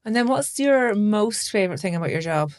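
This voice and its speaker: Woman interviewer, soft sympathetic questions, close, dry sound, middle pitch. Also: animated, brisk, no echo. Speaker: podcast host.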